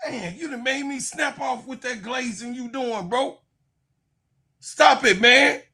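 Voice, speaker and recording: A man's voice: very high-pitched, slow, creaky, sharp tone, slightly rough. A man giving a heated, profane sports commentary rant, mocking and laughing.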